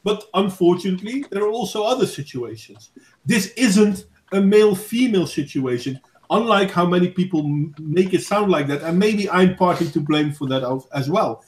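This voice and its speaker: Thirties male host, earnest and measured, a little high-pitched, boomy room sound. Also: animated. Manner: earnest, measured, with frequent restarts. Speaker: host of a voice chat discussion. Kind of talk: casual debate. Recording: echoey room.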